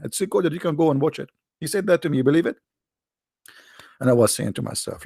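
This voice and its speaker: A man's voice: on the high side, expressive, quick pace, creaky, pauses often, warm tone, breathy edge, no echo, clean studio sound. A man with an Arabic-accented English hosting a livestream, talking in a sarcastic, mocking casual commentary. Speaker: livestream host.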